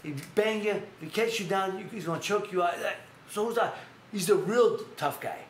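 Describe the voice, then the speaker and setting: A man with a high voice hosts a casual live stream. He talks at a rapid clip and acts out the people in his stories. The room is echoey, with faint noise. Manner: animated storyteller who acts out quotes in others' voices. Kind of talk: casual storytelling chat.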